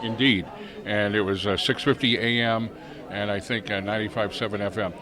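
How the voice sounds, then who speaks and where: Another take has the former chief engineer genially teasing an old colleague in a casual interview at an outdoor reunion, crowd chatter audible. Here his voice sits on the low side, steady in tone and moderate in pace.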